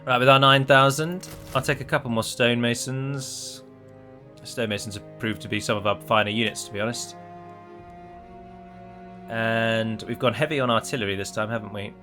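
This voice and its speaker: A man's voice: medium pitch, fairly even intonation, normal speed, pushed and bright, faint music behind. An Englishman giving chatty, wry let's-play commentary on a strategy game, talking straight to his viewers. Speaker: gameplay commentator.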